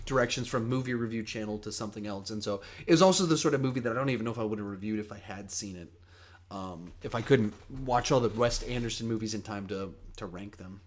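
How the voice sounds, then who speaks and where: A young man hosts a casual livestream question session, talking in a rambling, self-mocking way. His voice sits at a middle pitch, and he often jumps up in energy mid-sentence. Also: fast talker, a little hiss or hum. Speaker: host.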